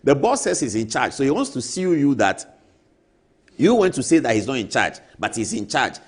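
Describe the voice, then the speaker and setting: A man's voice: mid-range voice, moderate pace, breathy edge. A man with a Ghanaian accent, a TV show host telling a story and acting out what others said to him. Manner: animated, acts out quoted voices. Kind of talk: storytelling monologue.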